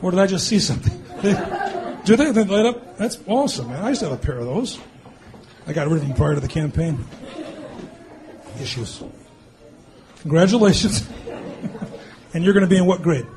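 A man in his fifties or sixties, a mayor teasing children at a public meeting with quick jokes and frequent laughs. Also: sits high, animated, darkish tone. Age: born 1964, 50s or 60s. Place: meeting hall with an audience. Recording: crowd noise behind. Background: crowd.

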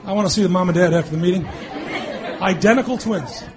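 A man in his fifties or sixties, a mayor teasing children at a public meeting with quick jokes and frequent laughs. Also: high-pitched. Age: born 1964, 50s or 60s. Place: meeting hall with an audience. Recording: crowd noise behind. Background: crowd.

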